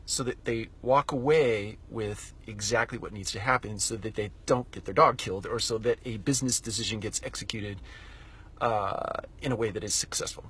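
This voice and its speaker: A man's voice: on the low side, moderate pace, a bit bright, slightly rough. A middle-aged man hosting a solo podcast, telling a story and drawing a reflective lesson from it. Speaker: podcast host.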